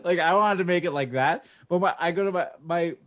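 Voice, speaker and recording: A man's voice: high-pitched, brisk. Fired-up swearing storyteller guy. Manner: heated, profane storytelling. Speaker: podcast co-host. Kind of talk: casual chat, storytelling.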